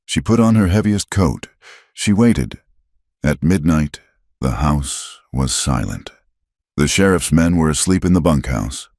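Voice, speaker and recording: A man with a very deep, husky voice tells a story in a steady, dramatic way. He is recorded dry and close, with no room sound around him. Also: no room sound. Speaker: narrator. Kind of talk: scripted audiobook narration.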